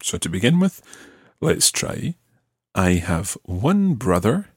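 Man, very low voice, lively intonation, patient teacher, dry studio sound. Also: breathy edge, no echo. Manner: patient, modelling words slowly for repetition. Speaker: language teacher. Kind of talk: podcast language lesson.

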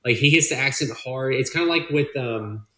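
Male podcast co-host, bright edgy tone, emphatic profane chat, roomy echo. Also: medium pitch, brisk. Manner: emphatic and profane, says bro. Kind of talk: casual chat. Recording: echoey room.

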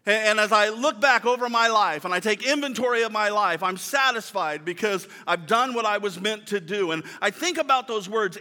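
A male pastor preaching a sermon in a conversational way, joking with the congregation and slowing down for emphatic quotes. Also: high-pitched, pushed and bright. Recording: reverberant hall sound.

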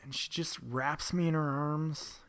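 A man telling a personal story in a candid, confessional way, often dropping to a breathy near-whisper and swearing bluntly. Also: a little high, fairly even intonation, a little slow, fairly bright tone. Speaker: vlogger telling his own story.

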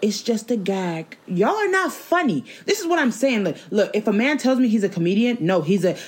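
A woman's voice: on the high side, brisk, husky. Blunt, opinionated young woman chatting. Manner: blunt, opinionated, profane, animated. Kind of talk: casual chat.

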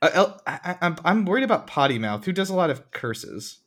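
A man's voice: sits high, big pitch swings, fairly quick, a bit bright. A man co-hosting a casual podcast, rambling with many "like"s, fillers and restarts while reading out listener submissions. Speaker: podcast co-host. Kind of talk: casual chat.

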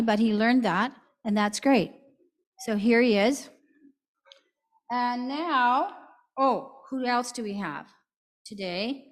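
A woman giving a church object lesson for children, explaining things simply and gently. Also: a little high, big-room sound. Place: church sanctuary.

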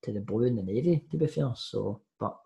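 A man's voice: medium pitch, fairly quick, vocal fry, mellow, highs cut off. A Scottish man chatting casually as a podcast guest over a video call, laid-back and full of "mate". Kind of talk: casual chat.

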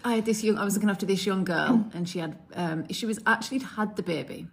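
A woman's voice: mid-range voice, fast, vocal fry. A woman, co-hosting a casual chat with blunt, earthy stories. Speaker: midwife podcast co-host.

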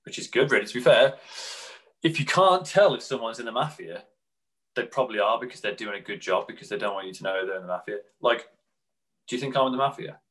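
Brief: male podcast co-host, lively storyteller, drops into quick impressions. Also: medium pitch, poor audio. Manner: animated storyteller, mimics people in quick put-on quotes. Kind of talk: casual chat.

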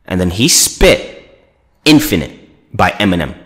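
A man's voice: low-pitched, lively intonation, moderate pace. A young man hosting a podcast, telling a rambling, profane story and acting out the voices of people he quotes. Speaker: podcast host. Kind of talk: casual storytelling rant.

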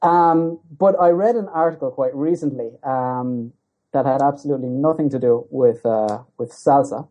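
A man speaking as a podcast guest, talking casually and hesitantly with many pauses and restarts. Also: mid-range voice. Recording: dull lo-fi sound.

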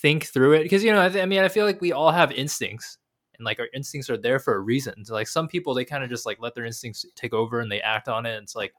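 A young man co-hosting a casual discussion of an anime episode, rambling and animated with lots of fillers. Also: mid-range voice, fast. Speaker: podcast co-host.

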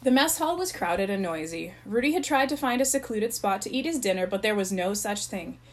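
A woman narrating a children's chapter book in a plain, even reading voice. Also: medium pitch. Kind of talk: storybook read-aloud.

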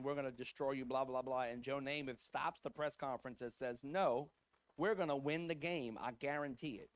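A pastor delivers a sermon in a medium-pitched male voice with no room sound. He tells a story casually and conversationally, full of asides and fillers like "like" and "right?".

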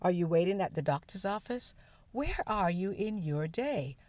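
A woman's voice: lowish voice, lively intonation, normal speed, a little mellow, no echo. An older woman hosting a casual comedy podcast, chatty and prayerful, often laughing as she talks. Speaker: podcast host.

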